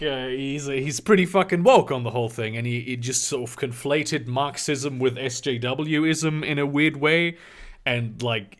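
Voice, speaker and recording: A man casually chatting on a livestream, reading out and answering viewer comments in a halting, rambling way with many fillers and some swearing. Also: medium pitch, fairly bright tone. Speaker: live streamer answering chat.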